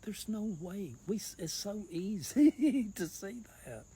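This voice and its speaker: A man's voice: high-pitched, animated, slow, warm tone, slightly rough, poor audio. A man with a Southern US accent, a political campaigner talking earnestly in a rambling, folksy monologue. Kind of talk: casual monologue.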